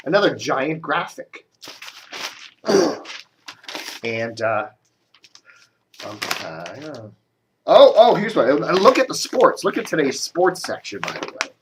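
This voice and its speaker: Grumbling rambling man with a lively voice. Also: on the high side, takes it slowly, pauses often, very noisy. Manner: grumbling, sarcastic, with coughs and restarts. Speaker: media blogger doing a video commentary. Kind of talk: casual rambling commentary.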